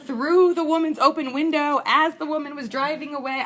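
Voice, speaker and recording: A woman's voice: high voice, fairly even intonation, normal speed, background noise. A woman in her thirties giving a casual lecture, candid and chatty, laughing through personal stories. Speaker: instructor. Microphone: screencast recording mic.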